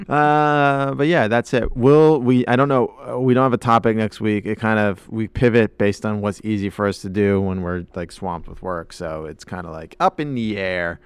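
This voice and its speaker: A man's voice: on the low side, fairly even intonation, moderate pace, hardly any pauses, smooth, dry recording. A man hosting a podcast in casual chat, bantering and joking with his co-host. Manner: joking banter, slips into mock voices.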